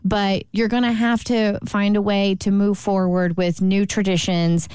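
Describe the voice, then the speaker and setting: A woman podcast host who talks in a gentle, consoling way and speeds up in bursts. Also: mid-range voice, level tone, unhurried, smooth, no echo, clean studio sound. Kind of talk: casual podcast conversation.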